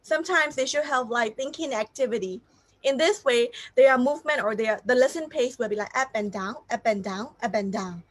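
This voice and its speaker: A woman's voice: on the high side, a little fast. A woman teaching pronunciation in a live online lesson, explaining step by step and asking her viewers questions. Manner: explanatory, repeats key points, asks the audience questions. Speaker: teacher trainer.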